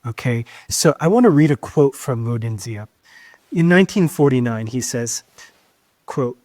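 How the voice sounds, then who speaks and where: A man's voice: mid-range voice, animated, normal speed, a little mellow, dry recording. A man co-hosting a podcast who explains history in an emphatic, lecturing way, often stopping to stress key points. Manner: lecturing, emphatic, with frequent "keep in mind" asides. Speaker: podcast co-host.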